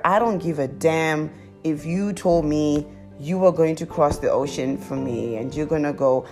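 A woman telling her viewers a confessional story in a chatty, animated way, laughing as she goes. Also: a little slow, faint music behind. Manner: laughs often and breaks into high squeals. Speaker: vlogger.

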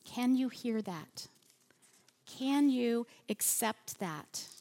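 A woman preaching a sermon in a church, slow and earnest, softening her voice on repeated phrases. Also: on the high side, animated.

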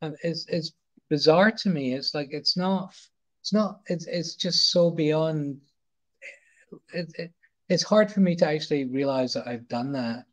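A man's voice: on the high side, a little slow. A middle-aged Scottish man telling a story as a podcast guest, rambling and often restarting his sentences. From Scotland. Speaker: guest, photographer. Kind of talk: casual anecdote storytelling.

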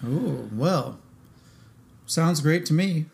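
A man's voice: fairly high pitch, expressive, drawn-out words, creaky, darkish tone. Easygoing, playful male podcast co-host. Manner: easygoing, playful, laughs along. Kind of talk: casual chat.

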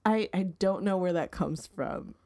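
A woman's voice: fairly low pitch, very animated, a little slow, creaky, dark tone. Chatty young woman who says "like" a lot. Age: 20s. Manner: chatty, fills speech with "like", laughs often. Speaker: podcast co-host. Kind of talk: casual chat.

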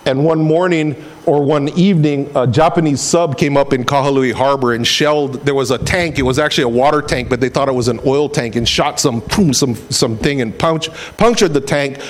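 A man's voice: mid-range voice, brisk, few pauses. A middle-aged man from Hawaii preaching a casual, conversational sermon, retelling a story with sound effects and repeated words. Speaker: pastor.

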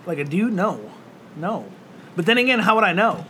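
A man with a high voice, co-hosting a casual podcast. He rambles through crude stories and keeps breaking into laughter. Clear background noise sits under his voice throughout. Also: animated, a little slow, bright, forceful tone. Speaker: podcast co-host. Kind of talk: casual chat. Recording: noisy room ambience.

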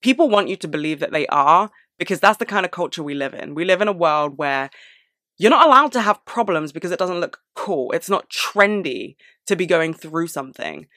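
A young woman speaking candidly to camera, frank and sweary, with animated outbursts. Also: lowish voice, brisk, no room sound, studio quality. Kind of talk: candid personal monologue.

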